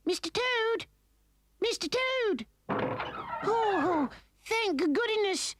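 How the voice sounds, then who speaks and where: A woman's voice: very high voice, expressive, very slow, noisy background, full character voice. A wide-eyed young boy rabbit. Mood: eager. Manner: breathless, polite, wide-eyed. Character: young naive boy rabbit, eager helper. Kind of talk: 1980s stop-motion cartoon acting.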